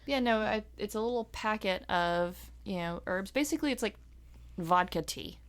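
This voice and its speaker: A woman co-hosting a podcast, chatting in a relaxed, rambling way and dropping into mutters. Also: medium pitch, moderate pace. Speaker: podcast co-host. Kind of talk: casual chat.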